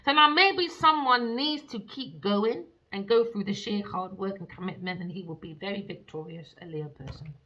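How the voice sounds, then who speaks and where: A woman giving a tarot reading in a theatrical, sassy way, cursing freely and calling listeners pet names, jumping between loud outbursts and low mutters. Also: normal speed, few pauses. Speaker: tarot reader. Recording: dull lo-fi recording.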